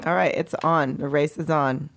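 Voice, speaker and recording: A woman's voice: low-pitched, fairly even intonation, normal speed. Blunt, crude woman bantering on a podcast. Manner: crude, blunt, laughs a lot. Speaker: podcast co-host. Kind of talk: casual comedic chat.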